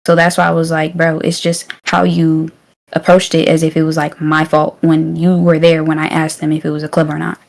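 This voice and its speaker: A woman's voice: low voice, monotone, brisk, creaky. A young woman in a heated group discussion, defending herself and retelling what was said to her. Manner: defensive, recounts events with quoted dialogue. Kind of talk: heated casual argument.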